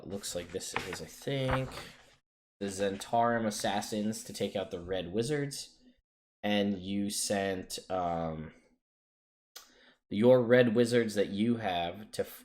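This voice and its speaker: A man running a tabletop game as game master, measured, reading out a list step by step. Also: low voice, darkish tone.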